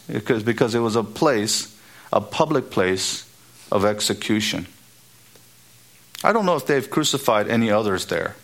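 A man preaching an expository sermon, emphatic and building to high, repeated exhortations. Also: moderate pace, pauses often, fairly bright tone.

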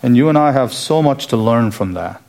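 A man's voice: medium pitch, animated, normal speed, gravelly, a little mellow. A man preaching an earnest expository sermon, asking emphatic rhetorical questions as he explains a scripture passage verse by verse.

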